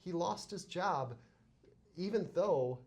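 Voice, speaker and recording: A man's voice: sits high, animated, slow pace, creaky. Jokey male lawyer co-host. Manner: jokey, laughs often while telling stories. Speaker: co-host, criminal defense lawyer. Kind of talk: casual podcast chat.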